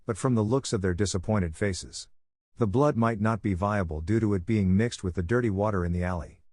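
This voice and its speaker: A man narrating a scripted fan-fiction story in a steady, even storytelling manner. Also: on the low side, fairly quick, dry recording.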